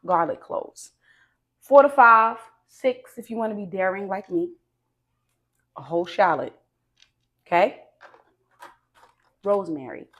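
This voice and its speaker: A woman hosting her own cooking vlog, talking straight to viewers in a lively, emphatic and chatty way, with slangy asides. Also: medium pitch. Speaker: cooking show host.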